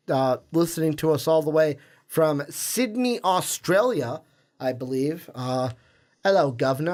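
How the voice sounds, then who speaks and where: A man's voice: medium pitch, a little mellow. A man co-hosting a sports podcast, chatting casually and rambling, stumbling over names. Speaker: podcast co-host.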